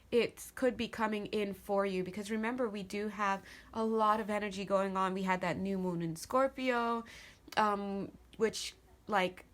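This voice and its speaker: A woman's voice: mid-range voice, a bit bright. A woman giving a casual spoken tarot reading to her viewers, chatty and rambling, with frequent laughs and asides. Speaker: tarot reader.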